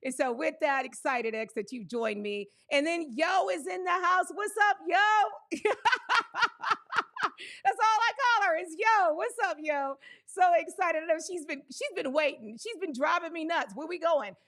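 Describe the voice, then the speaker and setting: Woman live-streaming shout-outs, high voice, gravelly fry, exuberant, whooping and shouting greetings. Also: expressive, normal speed. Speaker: livestream host.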